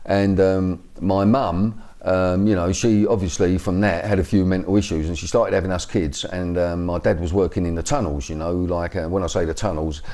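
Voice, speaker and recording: A man's voice: deep voice, steady tone, moderate pace, few pauses, mellow. A Cockney man in his fifties telling his life story in an interview, rambling with many fillers and restarts. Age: 50s. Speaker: interview guest. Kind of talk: personal account in an interview.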